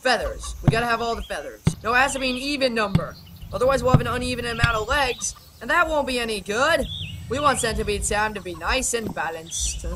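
A woman gaming YouTuber doing let's play commentary, excitable and chatty, talking to the creatures in the game. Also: on the high side. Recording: game clucking and rooster noise behind.

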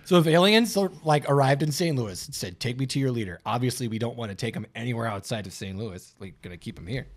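A man co-hosting a casual podcast, excitable and quick to laugh as he riffs. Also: mid-range voice. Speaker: podcast co-host. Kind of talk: casual chat.

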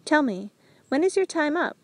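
A woman voicing a quick-tempered male army general in an audiobook, speaking in incredulous questions. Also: high voice, sing-song, no room sound, pitched above the performer's own voice. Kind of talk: audiobook character reading.

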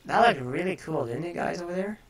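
A woman giving casual game commentary as host, chatty and talking straight to her viewers with sudden excited outbursts. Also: lowish voice, brisk, low-quality recording. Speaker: gaming video host.

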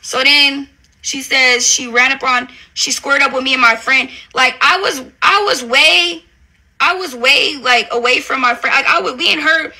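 Her voice sits high, bright and forceful, at a normal speed. A reality TV personality, she rants profanely on a livestream, insulting the person who wronged her and constantly repeating "bitch."

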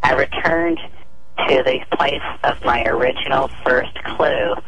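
A woman's voice: deep voice, fairly even intonation, unhurried, creaky, lo-fi sound. A woman voicing a mysterious, taunting criminal caller for a radio stunt, in a theatrical witchy voice, over a noisy radio broadcast. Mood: teasing. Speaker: radio bit performer. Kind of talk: radio stunt role-play.

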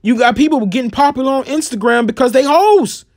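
A man giving an informal, profane sermon, blunt and scolding, who slows down and turns solemn when he reads scripture. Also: extremely high pitch, no echo, clean studio sound. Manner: blunt and scolding, swears freely. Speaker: preacher.

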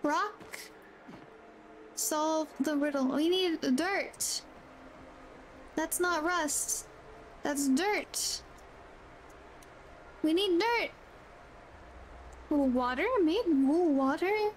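A woman's voice: sits high, drawn-out words, pauses often, a little hiss or hum. A woman livestreaming a game, chatting casually and thinking aloud, a little drowsy and yawny. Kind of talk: casual gameplay chat.

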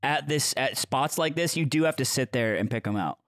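A man in casual podcast chat, reacting to the story and asking quick questions. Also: medium pitch, a bit bright, no room sound, studio quality.

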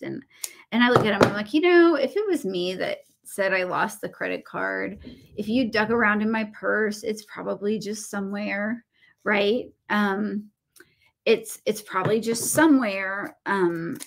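A thirtysomething woman with a Southern American accent chats her way through a relaxed craft livestream. Her voice is medium-pitched at a normal pace, and her rambling stories come loaded with fillers and self-mocking asides.

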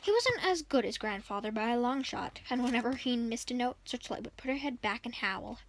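A woman's voice: on the high side, animated, brisk, a little hiss or hum. A woman reading a children's chapter book aloud for her channel, often stumbling and rereading words. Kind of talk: storybook reading.

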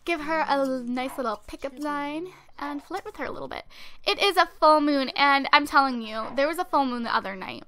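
A young woman talks through a life-sim let's play into a desk microphone, chatty and giggly, bossing her characters around. Her voice sits high and sounds bright and sharp. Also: expressive, fairly quick. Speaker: gaming video host. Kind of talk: casual let's play commentary. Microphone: desk USB microphone.

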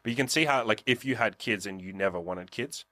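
A man's voice: fairly low pitch, brisk, pushed and bright, no echo. A man giving blunt, profane dating advice in a casual coaching conversation, acting out what others would say. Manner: profane, blunt, acts out quotes.

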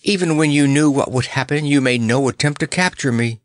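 A man's voice: fairly high pitch, brisk, no room sound, pitched above the performer's own voice, lightly acted. A man voicing a timid, tender-hearted male lion in a storybook reading, speaking in a faltering, anxious way. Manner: faltering, gloomy, choked.

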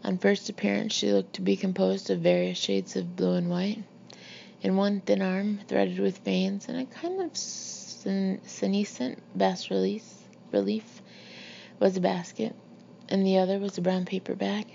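Woman reading a novel aloud, steady pace, dark mellow gravelly voice. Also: mid-range voice, moderate pace. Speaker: narrator. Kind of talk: audiobook reading. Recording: muffled lo-fi recording with faint hiss.

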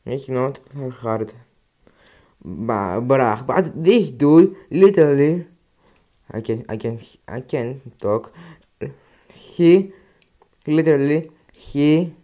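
A man's voice: on the high side, a little mellow. A young man with a Greek accent, commentating his own gameplay and swinging between frustrated mutters and outbursts. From Greece. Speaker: gaming YouTuber.

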